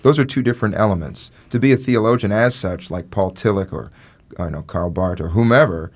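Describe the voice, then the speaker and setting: Low-voiced thoughtful male guest. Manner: thoughtful, halting with restarts. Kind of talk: reflective interview talk.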